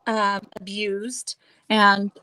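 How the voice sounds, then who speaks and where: A woman hosting a casual true-crime chat, halting with fillers and restarts and dropping sarcastic asides. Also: mid-range voice, level tone, bright, forceful tone, smooth, low-quality recording. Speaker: host.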